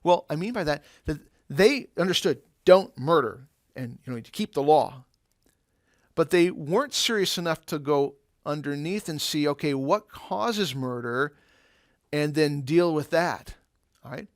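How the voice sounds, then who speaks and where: A man leads a Bible lesson for students in a relaxed, conversational way. He asks the class rhetorical questions and explains ideas with everyday examples. His voice sits a little high, and the recording is close and dry with no room sound. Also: unhurried, no room sound. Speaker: Bible teacher.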